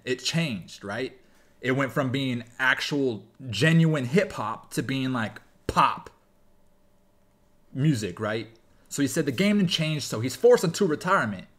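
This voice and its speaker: A man hosts a casual music reaction, pausing the track to break down lyrics with bursts of excitement and laughter. His voice sits at a medium pitch, and he talks as if explaining to friends. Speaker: reaction video host.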